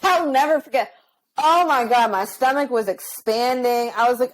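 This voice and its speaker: A young woman, a podcast guest, telling a funny personal story in casual chat, swearing freely and getting animated. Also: on the high side, moderate pace, slight background noise, rough recording.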